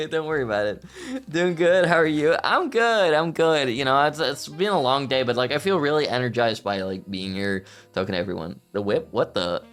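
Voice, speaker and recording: A man's voice: on the high side, fairly bright tone. A man streaming live as a VTuber, chatting casually and playfully, often giggling and bursting into theatrical outbursts. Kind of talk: casual livestream chat.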